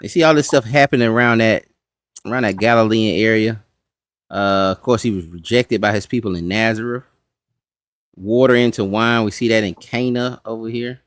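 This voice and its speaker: A man's voice: fairly low pitch, normal speed, smooth, no room sound, clean studio sound. A man teaching a casual Bible study class, folksy and talking straight to the group. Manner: folksy, says y'all, talks to the class. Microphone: streaming setup.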